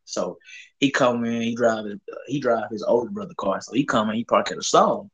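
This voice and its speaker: A man's voice: lowish voice, a little fast, husky, dull audio. A young man with a Southern US accent, co-hosting a casual barbershop chat and telling a story in profane slang. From Southern United States. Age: young adult. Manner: animated storytelling, profane slang, acts out quotes, laughs often. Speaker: co-host.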